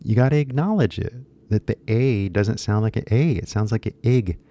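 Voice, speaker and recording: A man's voice: lowish voice, moderate pace, mellow. A man with an American accent giving a casual, rambling English pronunciation lesson, repeating key words for emphasis. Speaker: English teacher.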